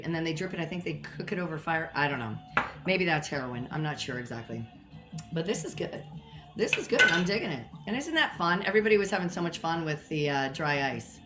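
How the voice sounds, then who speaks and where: Chatty woman hosting a cocktail stream at home. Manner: chatty, rambling, self-deprecating. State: a little out of breath. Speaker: home cocktail show host. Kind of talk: casual live-stream chat. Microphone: built-in mic, not her usual one. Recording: echoey room, lower audio quality.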